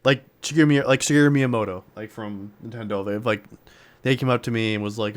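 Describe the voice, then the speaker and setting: A man streaming live, chatting casually and excitedly in a rambling way with many fillers. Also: mid-range voice, moderate pace. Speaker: streamer reacting to a panel video. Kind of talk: casual chat while drawing.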